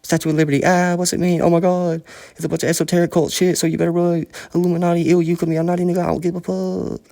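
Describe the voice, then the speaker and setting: A shrill, sneering scorned young woman who swears she is a demon from the pit, as a man puts her on in a falsetto well above his own voice. She taunts and curses with bitter mockery in a loose spoken monologue. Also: level tone, fast talker, vocal fry, mellow. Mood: bitter mocking. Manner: mocking, taunting, profane.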